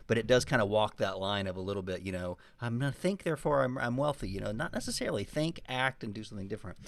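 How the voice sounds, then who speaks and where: Male co-host, lowish voice, thoughtful explainer, dry room. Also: no echo. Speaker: podcast co-host, self-help author. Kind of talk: casual podcast chat.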